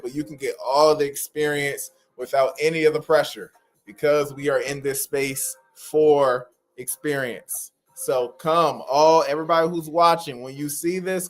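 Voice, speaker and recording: A man's voice: fairly high pitch, fairly even intonation, measured pace. A man hosting a livestream for sign language interpreters, talking casually and informally to viewers, often repeating phrases for emphasis. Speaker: host of an interpreting practice livestream.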